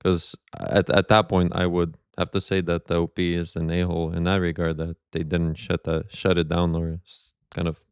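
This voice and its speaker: A man's voice: low voice, flat delivery, moderate pace, few pauses, clean tone, no echo, studio quality. A man co-hosting a casual podcast, weighing in thoughtfully with a few hesitant restarts. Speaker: podcast co-host. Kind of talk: casual chat.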